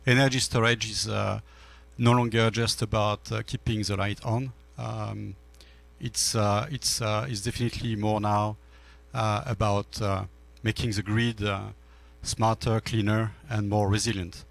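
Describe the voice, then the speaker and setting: A man in his fifties from France with a French accent, giving halting panel remarks at a business forum with many fillers and restarts. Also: on the low side, little pitch movement, creaky. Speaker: panel speaker, energy storage executive.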